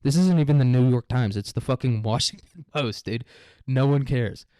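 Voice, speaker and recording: Young dude ranting on the news, cussing a lot, sarcastic, smooth voice, dry mic. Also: male voice, medium pitch, normal speed, warm tone, no echo. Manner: irreverent, sarcastic, swears constantly. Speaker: commentator. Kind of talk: casual profane news commentary.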